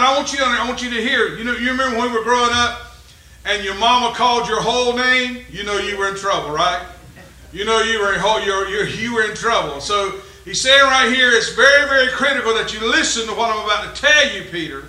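A man preaching a sermon, swinging from loud emphatic lines to quiet low asides. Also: moderate pace, reverberant, poor audio. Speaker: pastor.

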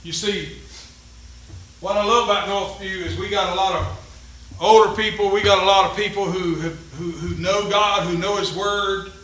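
Preacher guy, real high and sharp voice, roomy church sound, call and response. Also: fairly even intonation, normal speed. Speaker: pastor. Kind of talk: sermon. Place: church sanctuary.

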